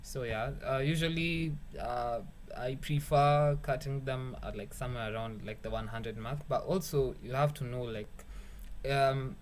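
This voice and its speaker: There's a little hiss or hum behind this young man's medium-pitched voice as he hosts a laid-back, screen-recorded beat-making tutorial. His delivery wanders, peppered with casual profanity, self-mockery, and chuckles at his own humor.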